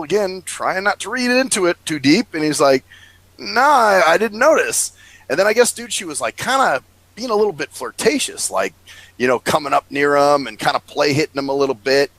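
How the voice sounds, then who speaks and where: A man's voice: a little high, no room sound, rough recording. A man co-hosting a podcast, telling a story in casual chat, acting out the people in it and swearing freely. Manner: animated storyteller, acts out quoted voices. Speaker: podcast co-host.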